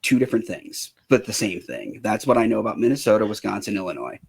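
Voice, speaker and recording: A man co-hosting a podcast, retelling an odd story in a relaxed, dry, casual way with many fillers. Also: fairly low pitch, quick pace, vocal fry, slightly rough. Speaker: podcast co-host telling the story.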